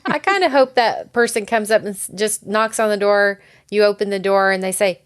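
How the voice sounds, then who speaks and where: A woman co-hosting a casual podcast, trading quick banter with laughter. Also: medium pitch, smooth. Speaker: podcast co-host. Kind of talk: casual chat.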